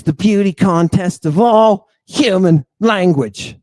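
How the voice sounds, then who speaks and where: Slow, emphatic man lecturing. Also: high-pitched, dry recording. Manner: emphatic, dramatic, peppers talk with "right?"; swings between hushed asides and loud outbursts. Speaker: lecturer on ancient Greek language and ritual. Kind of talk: livestreamed lecture with slides.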